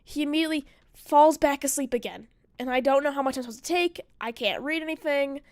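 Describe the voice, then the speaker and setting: A woman's voice: high-pitched, quick pace, a little mellow, dry recording, studio quality. A woman streamer telling a story in casual chat, rambling and profane, full of "like" fillers.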